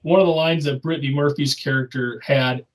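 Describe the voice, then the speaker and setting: A man's voice: medium pitch, steady tone, brisk, far from the mic, rough recording. A man co-hosting a podcast, chatting casually and often agreeing. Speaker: podcast co-host. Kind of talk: casual chat.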